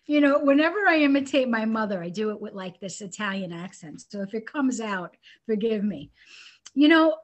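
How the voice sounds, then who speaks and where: A woman's voice: fairly high pitch, expressive, normal speed, dull audio. A woman, an inventor and entrepreneur, telling her story as an interview guest in a bubbly, heartfelt way. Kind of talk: casual interview chat.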